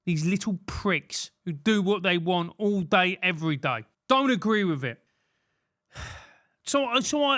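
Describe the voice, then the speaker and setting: A man's voice: high-pitched, pushed and bright, clear, resonant tone. A man with a British accent giving comedic advice as a podcast host, ranting and self-mocking. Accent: British English. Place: London.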